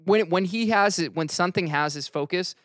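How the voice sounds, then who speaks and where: A man with a slightly raised pitch gives measured opinions in a casual podcast discussion. His voice is close and dry. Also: a bit bright, dry recording. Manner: measured, explains his points. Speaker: podcast co-host. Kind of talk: casual chat.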